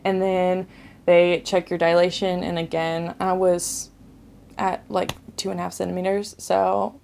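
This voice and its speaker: A woman's voice: lowish voice, little pitch movement, a little slow, gravelly, a little mellow. A young woman casually telling her own birth story to camera, chatty and filled with "like" as she relives a hard labor. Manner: chatty, says "like" often, relives distress.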